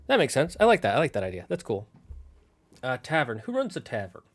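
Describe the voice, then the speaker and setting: A man thinking aloud on a casual solo stream, building out a fantasy town with halting, restarting speech. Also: mid-range voice, huge pitch swings, no room sound.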